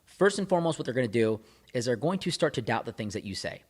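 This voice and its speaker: A man's voice: medium pitch, very animated, fast talker. A man giving relationship advice to camera as a coach, speaking emphatically, repeating phrases and building intensity. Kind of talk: direct-to-camera advice talk.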